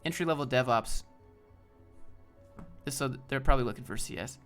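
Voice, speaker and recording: Faint music plays behind this livestream host, whose medium-pitched voice has a fairly bright tone. He rambles loosely and casually, reading viewer messages aloud, replying as he goes, and dropping quick side comments to chat.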